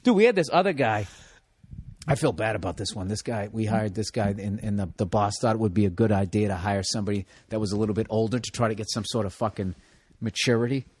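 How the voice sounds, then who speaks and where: A man hosting a podcast, telling work stories in a casual, profane, animated way. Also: on the low side, quick pace, breathy edge. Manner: profane, animated, laughing storyteller. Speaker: podcast host. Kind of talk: casual comedic storytelling.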